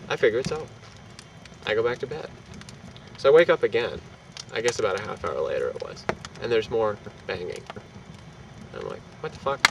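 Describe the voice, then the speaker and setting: A young man telling a rowdy anecdote in casual, profane, animated fashion, laughing between lines. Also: lowish voice, a little fast, gravelly, pauses often. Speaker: storyteller. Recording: distant mic with street and traffic noise.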